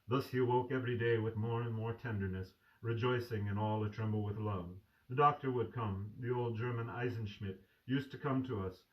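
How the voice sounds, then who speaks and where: A man reading a classic novel aloud as a storyteller, slow and full of feeling. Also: mid-range voice, steady tone. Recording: distant mic.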